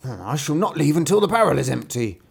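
A man's voice: on the high side, big pitch swings, brisk, vocal fry, breathy edge, pitched above the performer's own voice, heavily acted. A man voicing a greedy, clumsy wolf who whines and makes demands. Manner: whiny and demanding.

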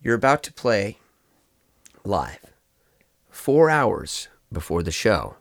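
A man's voice: on the low side, very animated, slow pace, pauses often. A man hosting and narrating an improvised comedy scenario, rambling with many fillers and swearing. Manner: rambling, profane, lots of fillers. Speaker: host running an improvised scenario.

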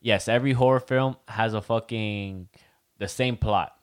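A man's voice: lowish voice, normal speed, clear, resonant tone, dry recording, clean studio sound. A young man co-hosting a podcast in casual chat, swearing freely and dropping Spanish phrases into his talk. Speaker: podcast co-host.

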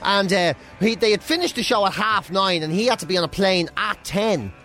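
A man's voice: high voice, lively intonation, fairly quick, sharp tone, soft background music. An Irish man co-hosting breakfast radio, arguing in mock outrage and telling stories with animation. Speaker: radio host.

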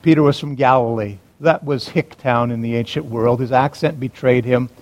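A male pastor preaching a sermon in a dramatic way, moving between urgent emphasis and hushed, quiet passages. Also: medium pitch, moderate pace.

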